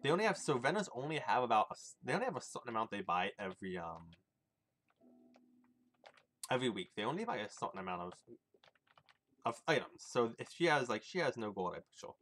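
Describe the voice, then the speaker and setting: A man's voice: mid-range voice, sing-song, a little fast, long pauses, a bit bright. A man streaming a video game, chatting casually with viewers in a rambling, swearing way. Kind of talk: casual gaming stream chat. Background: game music.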